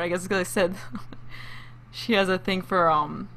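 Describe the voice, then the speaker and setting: A woman's voice: fairly low pitch, normal speed, a bit bright. A woman casually commentating her life-simulation gameplay, chatting to viewers and breaking into fits of laughter. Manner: chatty, giggly, talks to viewers. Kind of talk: casual let's-play commentary.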